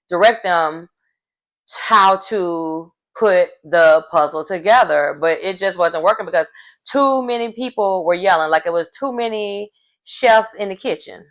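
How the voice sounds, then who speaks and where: A woman, recapping a reality show in a casual, animated way and laughing often. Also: lowish voice.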